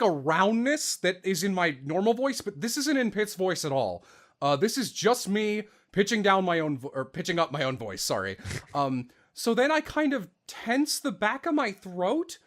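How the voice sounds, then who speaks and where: A young man co-hosting a podcast, talking shop about voice acting in an easygoing, self-deprecating way. His voice sits a little high for a man and swings widely in pitch as he talks. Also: a bit bright. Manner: chatty and self-deprecating, lots of fillers. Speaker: podcast co-host, voice actor. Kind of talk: casual chat.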